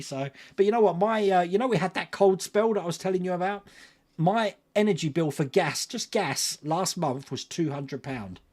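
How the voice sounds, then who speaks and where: A man, hosting a casual livestream and chatting with viewers by name, laughing often. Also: a little high. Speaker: livestream host. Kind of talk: casual live chat reading viewer comments.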